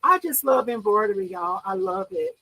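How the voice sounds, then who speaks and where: This livestream host speaks in a high-pitched voice with vocal fry at a moderate pace, chatting casually with her viewers. Bubbly and excitable, she laughs a lot, though the audio is poor.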